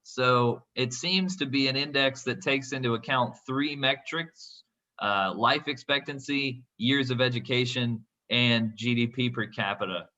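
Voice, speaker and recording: Bright-voiced male podcast host. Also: medium pitch, measured pace, lo-fi sound. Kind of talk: casual economics discussion.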